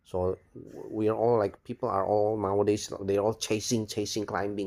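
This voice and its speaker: A man's voice: lowish voice, flat delivery, moderate pace, dark tone. A man rambling through a cynical personal video monologue, repeating himself, swearing and saying "you know" constantly. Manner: bitter, cynical. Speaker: video blogger.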